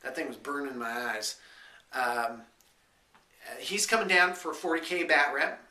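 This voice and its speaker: A man's voice: fairly high pitch, animated, a little slow, sharp tone, echoey room, distant mic. A man giving a casual, rambling vlog update, full of hesitant fillers. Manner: chatty, hesitant with lots of fillers. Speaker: vlogger and small business owner.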